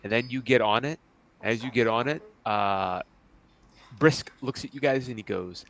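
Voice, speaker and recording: A man's voice: mid-range voice, normal speed, a bit bright. A young man narrating as the game master of a tabletop game in a casual, loose manner full of fillers.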